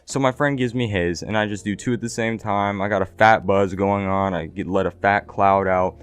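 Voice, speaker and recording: Low-voiced young man telling a story. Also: steady tone, normal speed, smooth. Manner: slangy and profane, heavy "like" and "right?" tags. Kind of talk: casual storytime. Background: faint background music.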